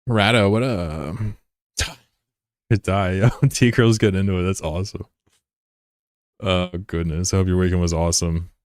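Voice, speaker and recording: A man's voice: sits low, little pitch movement, normal speed, pauses often, darkish tone, clear, resonant tone, dry recording, studio quality. A man in his thirties casually commentating his live gameplay, loose and profane, giggling and bantering with chat. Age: 30s. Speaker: streamer.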